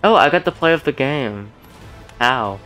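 A young man giving casual, rambling commentary on his own game, excitable and poking fun at his losses. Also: medium pitch, a little slow, faint music behind. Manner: excitable, self-deprecating, rambling. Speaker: gaming streamer.

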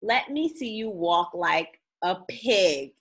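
A woman's voice: medium pitch, lively intonation, slow, fairly bright tone, husky. A woman teacher reading a picture book aloud to young children, playful and sing-song, drawing out the sound words and asking them questions.

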